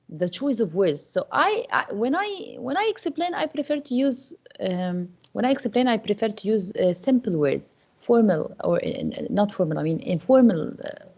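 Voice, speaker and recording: A woman's voice: on the low side, vocal fry, darkish tone, dull audio. A woman English teacher teaches an online class, repeating questions to her students with many fillers and restarts.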